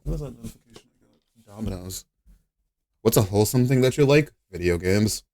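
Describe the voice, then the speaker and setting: A man's voice: lowish voice, animated, a little fast, a little mellow. A young man chatting on a live stream, a little sick and coughing now and then, laughing, swearing and playing up outrage at his chat.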